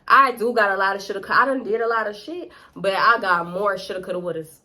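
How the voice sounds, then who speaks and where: A woman's voice: medium pitch, fast talker, bright, forceful tone. A young woman, telling a storytime close to the camera in a profane, slangy, dramatic way. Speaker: vlogger. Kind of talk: casual storytime.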